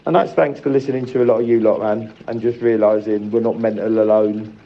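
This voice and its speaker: A man's voice: on the low side, fairly even intonation, fairly quick, highs cut off. A man who cares for his mother, telling an emotional story in a voice note. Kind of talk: sent-in voice note.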